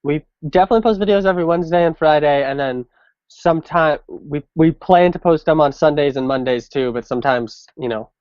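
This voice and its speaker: A young man chatting casually about a game, hesitant and halting with many pauses. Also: fairly high pitch, no echo, muffled recording. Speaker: younger brother, gaming channel host. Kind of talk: casual chat.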